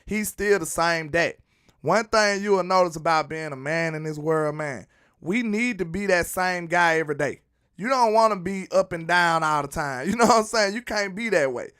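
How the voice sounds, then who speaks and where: A man hosting a casual live sports talk show, laughing often and slipping into a preachy, animated way of talking. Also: a little high, moderate pace, smooth.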